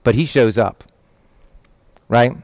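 A man preaching a sermon, lively and conversational, often asking "right?" and acting out quoted lines in changing voices. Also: mid-range voice, takes it slowly, no echo.

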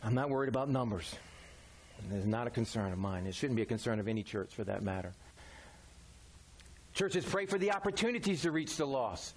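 A man's voice: medium pitch, expressive, brisk, pauses often. A man preaching a sermon in a folksy, conversational way, using everyday examples. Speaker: pastor.

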